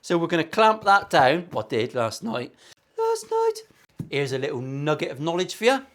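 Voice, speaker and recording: In this casual workshop vlog, a West Country Englishman in his forties narrates a guitar build in a higher, fairly bright, sing-song voice at a brisk clip. He keeps up a cheeky, sweary patter and pokes fun at himself.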